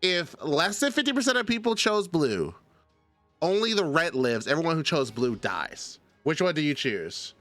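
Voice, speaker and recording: A man's voice: on the high side, sing-song, normal speed, bright, forceful tone, no room sound, soft background music. A man streaming live, chatting casually and arguing a point with his chat, addressing viewers by name.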